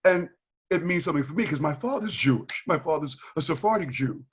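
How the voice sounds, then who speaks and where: A man's voice: a little high, brisk, breathy edge. An older man from Boston, a former teacher, telling stories on a video call and acting out the voices in them with frequent laughter. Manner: animated storyteller, acts out quoted dialogue, laughs often. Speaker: retired teacher, guest. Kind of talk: candid storytelling in a video call.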